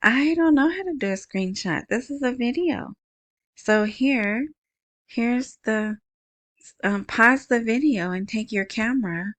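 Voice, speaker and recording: A woman with a small, soft voice talks unhurriedly, drifting from point to point as she hosts her podcast. She speaks into an earbud mic, and the sound is close and dry, with no room around it. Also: mid-range voice, dry recording. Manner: rambling, chatty, self-interrupting. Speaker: podcast host. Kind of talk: casual solo podcast talk. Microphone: wired earbud mic.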